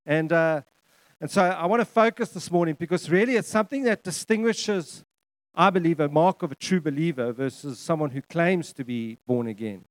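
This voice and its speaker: Middle-aged male pastor, slightly high voice, dry close sound, preaching with emphatic repetition and frequent restarts. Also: moderate pace, no room sound. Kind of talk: sermon.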